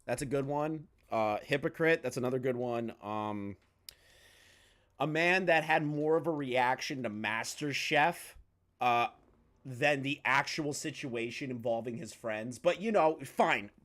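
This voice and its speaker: A man's voice: medium pitch, unhurried, fairly bright tone. Crude ranting male commentator. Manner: crude, mocking, heated ranting. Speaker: commentary YouTuber. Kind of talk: profane reaction commentary.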